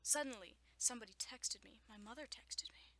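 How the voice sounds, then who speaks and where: A woman's voice: a little high, fairly quick, sharp tone, whispered. A young woman at home reading a children's story aloud, often stopping to joke, laugh and make sarcastic asides. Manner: frequent laughter and stumbles. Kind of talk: reading aloud with running commentary.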